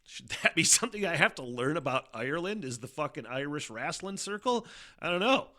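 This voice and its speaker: A man's voice: on the high side, very animated, brisk, bright, forceful tone. A man hosting his own podcast, talking in a casual, rambling monologue full of profanity, fillers and laughter. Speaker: podcast host.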